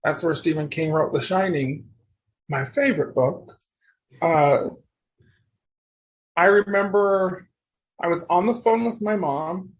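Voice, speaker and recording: A man as a podcast guest, telling stories in a rambling, animated way and often restarting his sentences. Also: high-pitched, slow, pauses often. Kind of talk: casual storytelling conversation.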